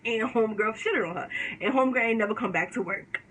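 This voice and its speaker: Bright-voiced woman telling a story. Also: on the high side, quick pace, a little hiss or hum, poor audio. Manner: slangy, animated, talks straight to viewers. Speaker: storytime vlogger. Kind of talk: casual storytelling to camera.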